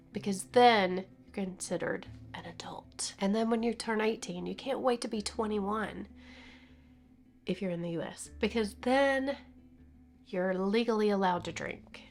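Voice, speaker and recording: A woman in her fifties speaks to her camera in a personal vlog, her voice teary and sniffly as she laughs and cries at once. She keeps slipping into soft whispers and then brightening again, with faint music in the background. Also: mid-range voice. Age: 50s. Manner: tearful, laughing and crying at once, breaking into whispers. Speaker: vlogger.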